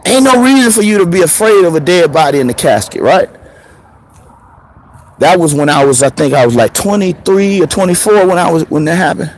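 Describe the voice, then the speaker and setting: Animated high-voiced man telling a story. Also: fairly quick. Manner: animated, laughing, profane, preacher-like swings in pitch. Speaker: show host. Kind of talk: casual storytelling monologue.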